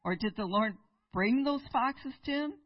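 A woman's voice: fairly high pitch, animated, a little slow, no echo, distant mic, highs cut off. A woman preaching in church, retelling a Bible story and asking her listeners rhetorical questions. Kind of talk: sermon.

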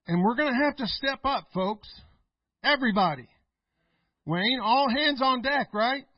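A middle-aged male pastor preaching a folksy sermon, laughing often and swinging between loud and quiet. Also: very high voice, expressive, unhurried, no echo, dull audio.

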